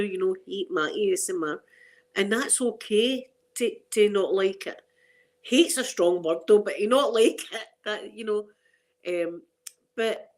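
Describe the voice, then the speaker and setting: A middle-aged Scottish woman hosting an ASMR channel, chatting casually and rambling to her viewers. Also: mid-range voice. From Scotland. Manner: chatty and rambling, with frequent restarts and laughter.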